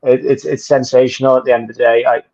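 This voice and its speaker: A man's voice: mid-range voice, flat delivery, fast, darkish tone. A man co-hosting a football livestream, giving fluent and enthusiastic fan analysis. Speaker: livestream co-host. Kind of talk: casual football podcast chat. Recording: dull lo-fi mic.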